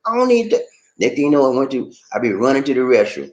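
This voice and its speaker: An American man hosting a casual live stream from home, reading out viewer names, laughing often and talking in a lively, easygoing way. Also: mid-range voice, fast talker, muffled recording. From United States. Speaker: vlog host reading live chat.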